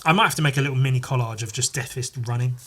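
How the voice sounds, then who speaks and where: A man's voice: mid-range voice, very fast, a bit bright, slight background noise. A man hosting a podcast, walking casually through his comic pages in a rambling, playful, sweary way. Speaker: podcast host and comic artist.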